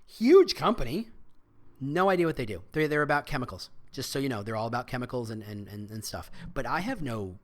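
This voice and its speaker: A man's voice: medium pitch, animated, brisk. A man hosting a solo podcast, talking casually with frequent restarts and asides. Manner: rambling, self-interrupting, frequent restarts. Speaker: podcast host.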